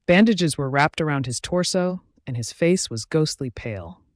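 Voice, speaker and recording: A man's voice: on the high side, expressive, moderate pace, dry recording, clean studio sound. A man narrating a first-person werewolf romance story in a dramatic storytelling reading.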